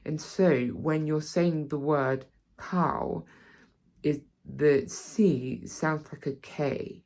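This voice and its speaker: British woman tutor, very deep and unhurried, gravelly edge, halting repeats. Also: a little mellow. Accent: British, non-RP. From Britain. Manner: halting, repeats words, starts many lines with "so". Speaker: accent teacher. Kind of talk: accent tutorial.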